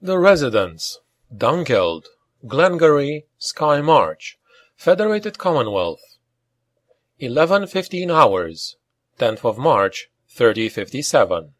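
A man reads fiction as an audiobook narrator in a measured, clear way. His pitch moves lively through the lines. The recording is close and dry, with no room echo.

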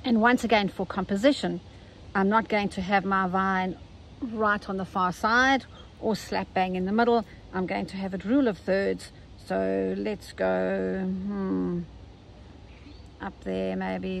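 A woman's voice: medium pitch, fairly even intonation, measured pace, gravelly, slight background noise, poor audio. South African woman teaching embroidery. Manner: chatty, gentle step-by-step instruction. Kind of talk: casual stitching tutorial.

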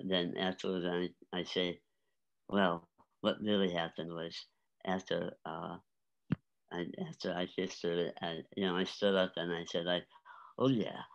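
A man in his seventies telling lively stories as an interview guest, often laughing and acting out voices. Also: low-pitched, poor audio. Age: 70s. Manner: animated, laughing, acts out voices. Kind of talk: storytelling interview.

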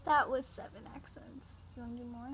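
A woman's voice: on the high side, steady tone, fast talker, noisy background. A woman hosting a casual vlog chat, giggly and a bit hesitant. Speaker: vlogger.

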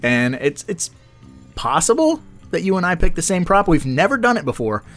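A man's voice: sits high, very animated, moderate pace, a bit bright, soft background music. A man co-hosting a film podcast in casual chat, swearing freely and laughing often. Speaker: podcast co-host.

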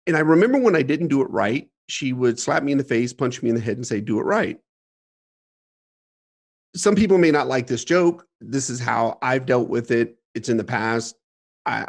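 A middle-aged man telling a frank personal story as a podcast guest, repeating words and swearing casually. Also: mid-range voice. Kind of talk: candid storytelling interview.

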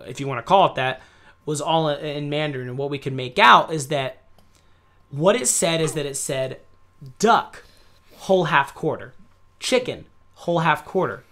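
A man's voice: on the high side, moderate pace. Young American man telling a rowdy story. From United States. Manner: animated, yelling and laughing through a story. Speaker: podcast host. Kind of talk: casual storytelling.

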